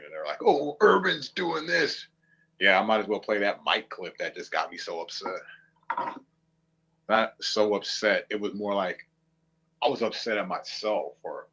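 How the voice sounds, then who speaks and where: Streamer, male, low husky voice, mocking and combative rant. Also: sharp tone, lo-fi sound. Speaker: online streamer. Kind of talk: ranting commentary to viewers.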